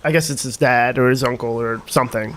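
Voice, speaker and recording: A man's voice: medium pitch, fairly even intonation, a little fast, a bit bright. A young man telling a rambling story in casual podcast chat, laughing and swearing as he goes. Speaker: podcast guest.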